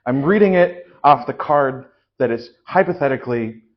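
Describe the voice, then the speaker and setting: A man as a solo improv performer, making quiet, offhand asides to the audience on a small theatre stage. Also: medium pitch, expressive, normal speed, highs cut off.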